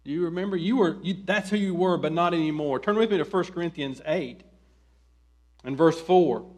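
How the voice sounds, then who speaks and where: High-voiced male pastor preaching. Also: normal speed. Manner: swings from quiet asides to loud emphatic pleading; reads scripture aloud and questions the listeners. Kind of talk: expository sermon.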